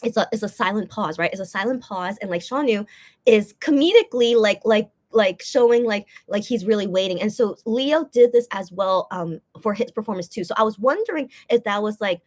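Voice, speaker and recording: A woman's voice: medium pitch, a little fast. Rambling woman recapping a musical. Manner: rambling, many fillers and restarts. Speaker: musical theater fan reviewing a show. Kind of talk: casual spoken review.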